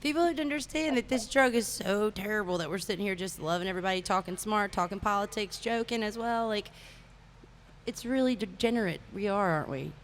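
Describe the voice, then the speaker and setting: A woman's voice: medium pitch, fairly quick, slight background noise. A woman talking casually and animatedly outdoors, laughing often between stories. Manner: animated, laughing, chanting cheers. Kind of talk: casual chat.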